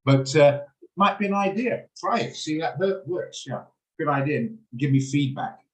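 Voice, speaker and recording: A man's voice: on the high side, animated, moderate pace. Chatty blunt man in an echoey room. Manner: chatty, blunt, rambles off topic. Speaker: trading room host. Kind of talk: casual chat in an online trading session. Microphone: video call. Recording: roomy echo on a video call.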